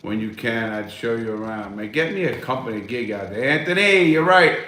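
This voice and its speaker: This cigar-smoking streamer has a medium-pitched, sharp voice with lively intonation at a normal speed, and the sound is reverberant. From home he goes through viewers' chat messages, answering in a blunt, meandering way full of profanity.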